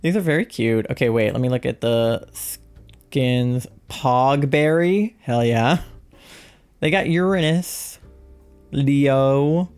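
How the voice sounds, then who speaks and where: A woman's voice: rumbling low, slow, darkish tone. A woman streaming a game live, chatting casually and rambling as she reads out chat messages. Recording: faint music behind.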